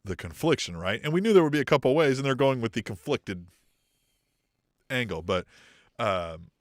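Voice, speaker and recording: A man's voice: medium pitch, moderate pace, no room sound, clean studio sound. A man co-hosting a casual wrestling talk podcast, swearing freely, laughing and acting out quoted lines. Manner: animated, swearing, laughs a lot, acts out quotes. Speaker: co-host.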